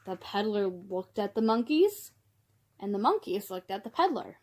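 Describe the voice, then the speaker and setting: A young woman reading a picture book aloud to children, gentle, calling her listeners friends and gasping for effect. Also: medium pitch, sing-song, moderate pace, a little hiss or hum. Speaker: children's storyteller.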